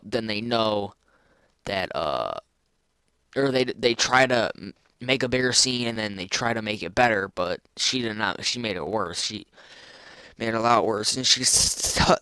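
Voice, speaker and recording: A man's voice: medium pitch, bright, forceful tone, smooth, dry recording. A teenage boy telling a personal story in a rambling, casual way, full of restarts. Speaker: vlogger.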